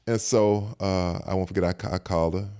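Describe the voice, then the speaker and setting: A man's voice: deep voice, fairly even intonation, fairly quick, warm tone, clear, resonant tone. An older man with a Southern American accent, telling a personal story in a casual podcast chat, often repeating "I said" as he retells conversations. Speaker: podcast guest.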